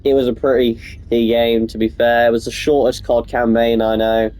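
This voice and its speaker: A man's voice: medium pitch, little pitch movement, moderate pace, darkish tone, poor audio. A young man with a cold, rambling and swearing casually as he comments over his gameplay. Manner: rambling, profane, offhand. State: sick. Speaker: gaming YouTuber.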